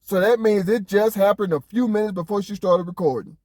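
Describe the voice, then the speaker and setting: A man's voice: high voice, a little fast, a little mellow, no room sound. Incredulous man commenting, dry sound. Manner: incredulous, emphatic, rhetorical questions; casual, conversational. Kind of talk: reaction commentary.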